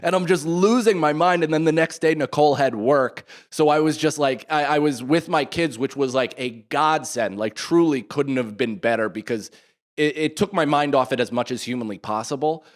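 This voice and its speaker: Animated man in his thirties telling a story. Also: fairly high pitch, normal speed. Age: 30s. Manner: animated storytelling, swearing, acting out quoted voices. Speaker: podcast co-host. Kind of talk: casual chat.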